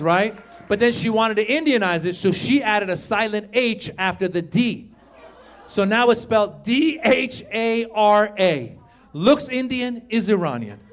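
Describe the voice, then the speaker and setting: A man from Iran doing a stand-up comedy set, animated and shouting punchlines to the crowd on a club stage. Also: high voice.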